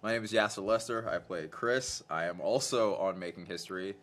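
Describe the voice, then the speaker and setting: A man's voice: low voice, fairly quick, fairly bright tone. A man promoting his comedy show, riffing playfully in casual banter. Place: indoor promo shoot.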